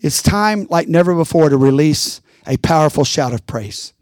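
Male pastor, high voice, rousing preaching, keeps asking the congregation if they're with him. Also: lively intonation, moderate pace, a little mellow, no room sound, studio quality. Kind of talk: sermon.

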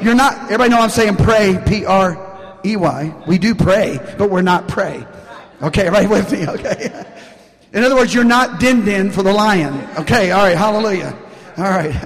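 A man preaching to his congregation from the pulpit, with a fairly high voice and an animated, back-and-forth delivery that keeps asking the room for an "Amen". His words ring out with a long reverb across a large church hall. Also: moderate pace. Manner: animated, call-and-response preaching with frequent "Amen?". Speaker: pastor. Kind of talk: sermon. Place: church sanctuary.

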